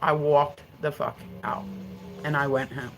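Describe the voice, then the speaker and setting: Woman, middle-aged, low pitch, casual live-stream talk, rambling, swears a lot. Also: level tone, measured pace, soft background music, poor audio. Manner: rambling, profane storytelling; answers viewer comments aloud. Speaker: livestreamer.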